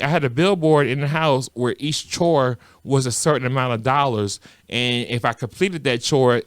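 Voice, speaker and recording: A podcast co-host tells a story during a casual chat, laughing often and acting out what other people said. His medium-pitched voice has a clean tone, recorded at studio quality with no room sound.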